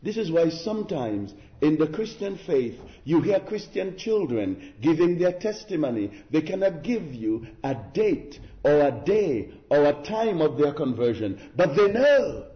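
A man's voice: on the high side, very animated, unhurried, hardly any pauses, echoey room, muffled recording. A man preaching a sermon in an earnest, exhorting manner, with rhetorical questions and emphatic repetition.

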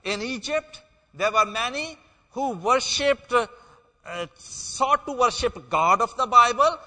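A man preaches a sermon in a church, his voice high and very bright. He speaks slowly and deliberately, leaning hard on key words. A long reverb from the hall trails after each phrase. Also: animated. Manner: emphatic, slow and deliberate, stressing key words.

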